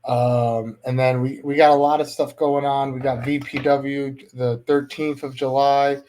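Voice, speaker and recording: A man's voice: mid-range voice, darkish tone. A man who wrestles, talking casually as a podcast guest and promoting his upcoming shows. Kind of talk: casual chat.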